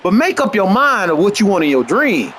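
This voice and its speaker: A man riffs over a football video game in boastful, profane trash talk. His voice sits high and swings widely between low mutters and sudden yelps. A faint hum of background noise sits under him. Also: sing-song, fairly quick, a bit bright. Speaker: gamer streaming gameplay. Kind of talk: profane rambling commentary over gameplay.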